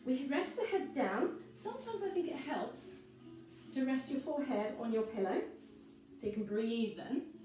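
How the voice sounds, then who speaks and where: A woman leading a pilates workout, giving calm, encouraging cues timed to the breath. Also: sits high, normal speed. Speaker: pilates instructor. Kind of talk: guided workout instruction. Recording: echoey room from far off with music.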